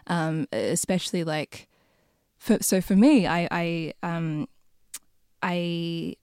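A woman's voice: on the low side, takes it slowly, darkish tone, clean tone, no room sound, studio quality. A young woman from the UK, a podcast guest who speaks hesitantly with many restarts in a reflective casual chat.

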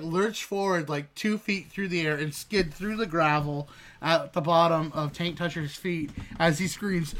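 A man's voice: on the high side, pushed and bright. A young man casually telling a funny work story as a podcast co-host, laughing and swearing freely.

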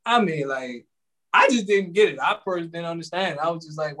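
A young man in casual conversation, talking in relaxed slang with lots of fillers. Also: a little high, brisk. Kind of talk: casual chat.

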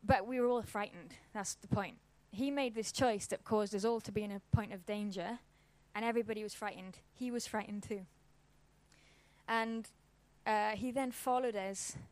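A woman's voice: medium pitch, steady tone, normal speed, no room sound. A woman, giving an informal church talk and telling a personal story in a casual, conversational way. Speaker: church speaker.

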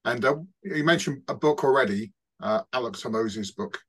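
A man's voice: mid-range voice, moderate pace, a bit bright, husky. A man hosting an interview, asking casual questions with many hesitant fillers. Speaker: interviewer, host.

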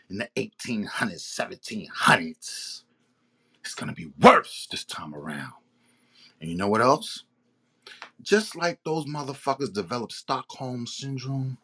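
Man, podcast host, angry rhetorical rant, bright voice. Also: mid-range voice, slightly rough. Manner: heated, profane, rhetorical questions. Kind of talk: ranting monologue.

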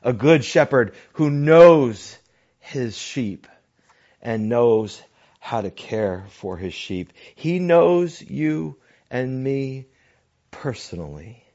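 A pastor preaching a sermon, slow and deliberate, often dropping his voice to a hushed near-whisper for emphasis. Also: medium pitch, expressive. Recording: dull lo-fi recording.

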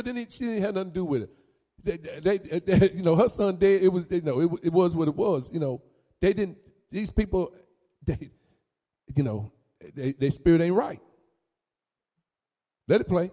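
A man commentating on a court clip in a religious talk show, animated and repetitive, stammering and swinging into loud sing-song lines. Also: sits high, normal speed, long pauses, in a large hall.

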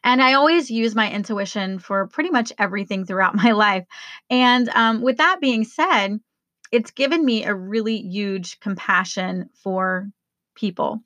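A woman's voice: mid-range voice, a bit bright, no room sound. A woman hosting her own podcast as a life coach, talking casually and enthusiastically to listeners. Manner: upbeat, enthusiastic, spells things out slowly.

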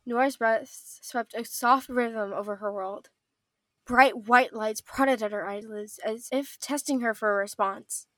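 Soft-voiced young woman narrating. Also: a little high, fairly even intonation, unhurried, no room sound. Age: young adult. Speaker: narrator and voice actor. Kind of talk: fan audio drama reading.

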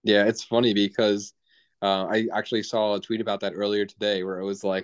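A young man co-hosting a podcast, talking in a relaxed, hesitant way with many ums. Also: fairly low pitch, a little fast, no echo. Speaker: podcast co-host. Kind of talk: casual chat.

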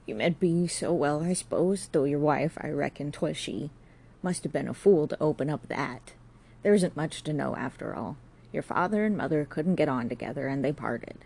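A woman's voice: low voice, normal speed, gravelly, mellow, husky, heavily acted. A woman doing a frail old great-aunt with a lilt. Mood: weary. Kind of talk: audiobook character reading.

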